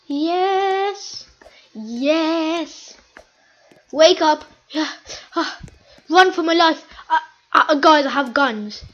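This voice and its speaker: Very high-voiced woman, slow and chatty. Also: muffled recording. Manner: excitable, chatty, repeats phrases. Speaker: gaming video host. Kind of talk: casual gameplay commentary.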